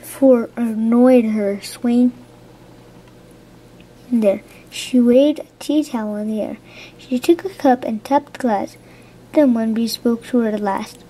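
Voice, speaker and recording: A woman reading a children's picture book aloud, halting now and then to point at the pictures. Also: on the high side, warm tone, breathy edge.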